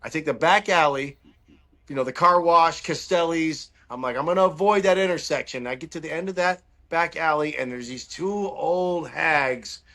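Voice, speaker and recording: A man co-hosting a casual podcast, telling animated stories and mimicking people in raised voices. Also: on the high side, normal speed. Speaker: podcast co-host. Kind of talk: casual storytelling.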